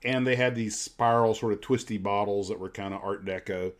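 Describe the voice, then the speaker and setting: A man's voice: on the low side, steady tone, brisk. Middle-aged American man, casual livestream host, rambling, nostalgic, chatty. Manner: rambling, nostalgic storytelling with asides. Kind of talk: casual chat.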